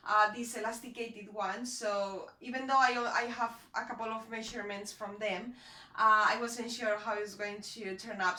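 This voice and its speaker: A chatty woman talks her viewers through a sewing project, rambling and pausing to find her words. Her voice is bright and sits a bit high. The room around her is echoey. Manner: chatty and rambling, with frequent hesitations. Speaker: sewing vlogger. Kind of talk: casual how-to chat. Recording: roomy echo.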